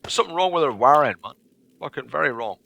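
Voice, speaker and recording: A man livestreaming a game chats casually with his viewers while he plays, rambling and swearing. His voice is a little high, gravelly and sharp-toned, delivered fast and animated.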